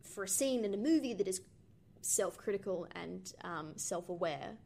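A woman's voice: medium pitch, expressive, normal speed, vocal fry, darkish tone. A young woman co-hosting a podcast, talking through a film in a thoughtful, rambling way with many fillers. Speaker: podcast co-host. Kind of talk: casual film discussion.

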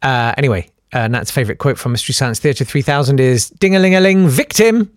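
A man hosting a casual podcast, animated and sardonic, often jumping into high mocking voices. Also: quick pace, dry recording, clean studio sound. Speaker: podcast host. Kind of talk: casual solo podcast chat.

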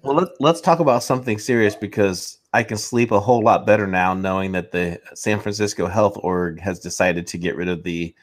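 A man's voice: fairly low pitch, a little fast, few pauses. A man co-hosting a casual political chat, raising topics and asking questions in a wry way. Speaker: co-host.

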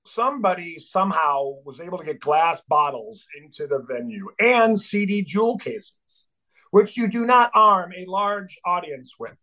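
Swearing, animated middle-aged man. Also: high voice, a little slow, poor audio. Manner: swearing, acts out voices in quotes. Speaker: guest, band drummer. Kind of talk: animated storytelling.

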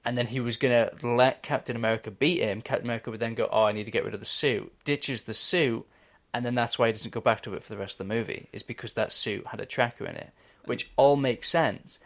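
Animated young man chatting about films. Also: medium pitch, fast talker. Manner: enthusiastic, swears casually, laughs often. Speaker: podcast co-host. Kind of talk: casual chat.

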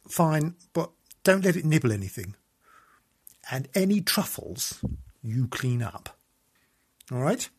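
Camp, theatrical man, swooping pitch. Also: very animated, unhurried, long pauses, slightly rough. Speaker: podcast host. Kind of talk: comic monologue podcast.

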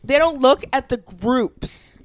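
A woman's voice: high voice, slow pace. A woman co-hosting a podcast, talking in heated, indignant casual chat and swearing freely. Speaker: podcast co-host.

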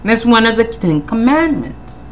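An animated woman with a fairly high, lively voice hosts a podcast, working through her handwritten notes. She rattles off pointed questions one after another, doubling back on her words, with a preacher's conviction. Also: a little hiss or hum. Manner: animated, rapid-fire questioning, repeats words; preacherly Christian tone. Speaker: podcast host. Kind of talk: casual commentary from notes.

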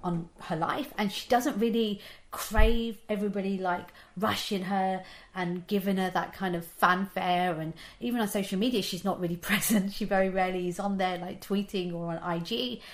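A woman's voice: medium pitch, fairly even intonation, moderate pace. Chatty woman interviewer. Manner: chatty, frequent "like" fillers. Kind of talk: casual interview chat.

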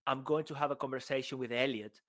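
A man co-hosting a casual public speaking chat, animated and jokey, acting out bits of dialogue. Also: medium pitch, fast talker. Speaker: podcast co-host.

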